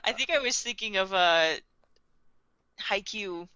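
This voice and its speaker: A woman's voice: medium pitch, measured pace, dull audio, noisy background. A woman co-hosting a casual podcast chat, giggly and chatty. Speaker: podcast co-host.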